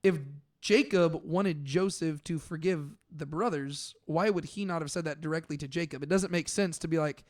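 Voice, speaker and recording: Young male co-host, higher voice, chatty and animated in a casual scripture discussion. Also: moderate pace, few pauses. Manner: conversational, uses many "like"s, animated when paraphrasing. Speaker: podcast co-host. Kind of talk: casual Bible study discussion.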